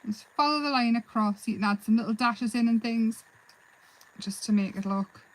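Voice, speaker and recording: A woman's voice: on the high side, normal speed, rough recording. Chatty woman hosting a live craft stream. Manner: chatty, rambling, answers viewers' comments; relaxed, self-deprecating. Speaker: craft livestream host. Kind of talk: live craft demonstration and chat.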